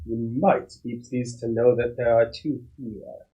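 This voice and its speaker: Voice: medium pitch, steady tone, a little slow, mellow, lo-fi sound. A player speaking politely and formally in character during a tabletop game.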